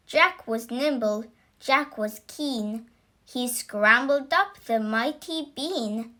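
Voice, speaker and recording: A woman reading a rhyming story aloud in an animated, expressive way. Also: on the high side, slow.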